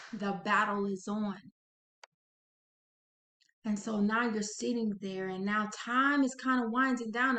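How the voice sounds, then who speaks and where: A woman hosting an inspirational channel, narrating a guided visualization slowly and dramatically, speaking to the listener as "you". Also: on the high side, a bit bright. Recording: echoey room.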